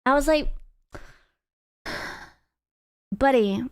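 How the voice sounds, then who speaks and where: A woman's voice: high voice, expressive, measured pace, fairly bright tone, clean tone. A young woman streamer in casual chat, blunt and profane as she rants to her viewers.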